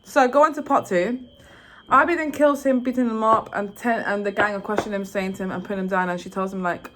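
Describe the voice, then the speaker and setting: A young woman giving a rambling, excitable recap of a video game's story, full of fillers and restarts. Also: medium pitch, fast, background noise. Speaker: vlogger. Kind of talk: casual game recap.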